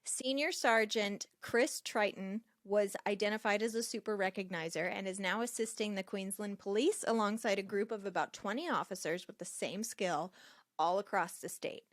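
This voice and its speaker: A woman's voice: mid-range voice, dry recording, clean studio sound. A woman co-hosting a podcast, chatting casually and reading out a news story. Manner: chatty, reads out news stories. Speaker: podcast co-host. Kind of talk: casual chat.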